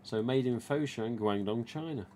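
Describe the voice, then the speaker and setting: The voice is mid-range and warm, delivered at a moderate pace against slight background noise. It belongs to a mask-collecting live streamer with an English East Midlands accent who rambles cheerfully and retells exchanges word for word.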